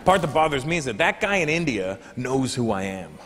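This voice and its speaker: A man's voice: mid-range voice, very animated, brisk. A man doing a stand-up comedy set, brash and profane, teasing the crowd. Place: live comedy venue with audience. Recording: echoey hall with audience noise.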